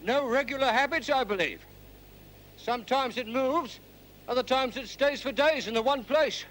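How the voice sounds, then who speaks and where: An actor playing a loyal, formal English manservant, deferential and steady in his speech, in a 1970s TV crime drama. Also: extremely high pitch, moderate pace, poor audio. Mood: deferential calm. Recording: 1970s TV film sound, light hiss.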